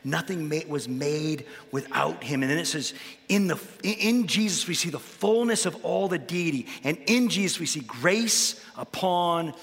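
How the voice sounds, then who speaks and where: A man, a pastor, talking about faith and telling Bible stories with lively energy that rises into preaching. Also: high-pitched, normal speed, big-room sound. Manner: animated storyteller, rises into preaching. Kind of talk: conversational faith talk with storytelling.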